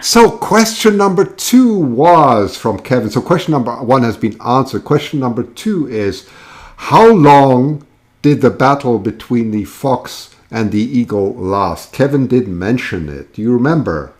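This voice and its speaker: A man's voice: mid-range voice, sing-song, unhurried. A man hosting a live call-in show, chatting casually and rambling, with lots of fillers and restarts.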